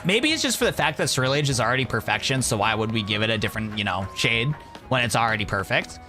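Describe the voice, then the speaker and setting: Young male streamer, loose and rambling, bright edge, mid pitch. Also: lively intonation, fast, soft background music. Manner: rambling, laid-back, calls chat "bro". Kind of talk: casual live-stream chat.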